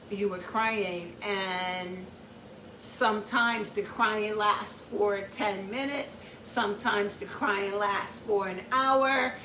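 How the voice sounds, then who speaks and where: Slow-talking woman explaining things in an echoey room. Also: mid-range voice, fairly bright tone, a little hiss or hum. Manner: repetitive, explaining, with checking "okay?" asides. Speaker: host. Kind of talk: informal educational talk. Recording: echoey room, far from the mic.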